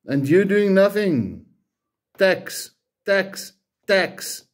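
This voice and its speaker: A political commentator with an Afrikaans South African accent rants angrily and bluntly to camera, firing off repeated, profane rhetorical questions. His voice is high and sing-song, and he speaks very slowly.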